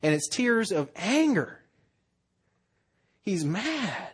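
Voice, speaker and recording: A man preaches in a voice that sits a little above the usual male range. He talks to his congregation in an earnest, conversational way. He often breaks into quick acted-out quotes. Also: sits high, sing-song, slightly rough. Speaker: pastor. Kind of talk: sermon.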